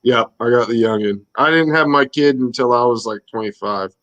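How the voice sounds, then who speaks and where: A man's voice: mid-range voice, moderate pace, a bit bright, muffled recording. A man in his thirties co-hosting a casual chat, joking, swearing and laughing often. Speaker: co-host.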